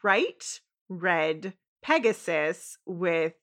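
A woman's voice: on the low side, animated, drawn-out words, fairly bright tone. A woman co-hosting a casual chat, reading a storybook aloud with a giggly, enthusiastic manner. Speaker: podcast co-host.

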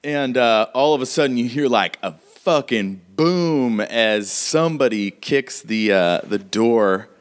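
A man's voice: medium pitch, expressive, slow, few pauses. A man narrating a tabletop game as game master, describing the action casually and vividly, with lots of fillers.

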